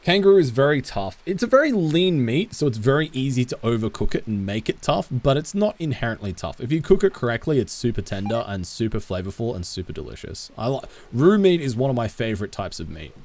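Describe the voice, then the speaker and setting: A man with a softened Australian accent, chatting casually with his live-stream audience as he plays, laughing often and answering chat. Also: medium pitch, very animated, a little fast, few pauses, slight background noise. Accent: Australian, toned down. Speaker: game streamer.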